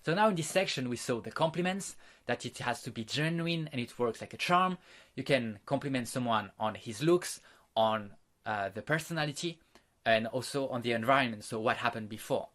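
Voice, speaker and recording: A man's voice: medium pitch, expressive, normal speed, fairly bright tone. A man teaching an online social skills course, explaining step by step with frequent fillers and restarts. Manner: walks listeners through exercises and demonstrations.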